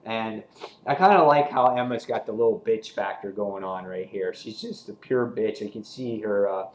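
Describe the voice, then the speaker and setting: A man casually reviewing a comic book, excited and rambling, with lots of fillers and restarts. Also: fairly low pitch, normal speed, roomy sound, poor audio.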